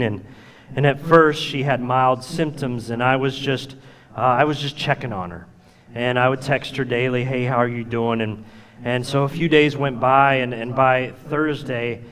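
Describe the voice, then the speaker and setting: A male pastor preaching a sermon, telling personal stories in a plain, conversational way and dropping to a soft whisper at tender moments. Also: medium pitch. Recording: long reverb of a church hall.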